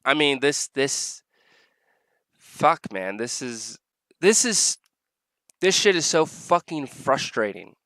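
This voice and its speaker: A man's voice: mid-range voice, sing-song, slow pace, long pauses, pushed and bright, no echo. A man vlogger delivering an angry, heavily profane reaction rant.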